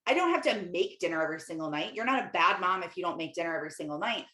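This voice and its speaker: A woman's voice: mid-range voice, lively intonation, racing, hardly any pauses, pushed and bright. Chatty woman coach in an echoey room. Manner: candid, chatty, full of "like" fillers. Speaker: Christian life coach and podcast host. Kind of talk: casual podcast monologue.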